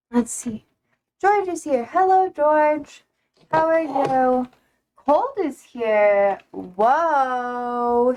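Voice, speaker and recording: Young female streamer with a slightly high voice, teasing and chatty, talking to viewers from home. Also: a little mellow. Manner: playful and self-described sassy, frequent laughs. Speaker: livestream host. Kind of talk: casual chat with viewers. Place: home, indoors.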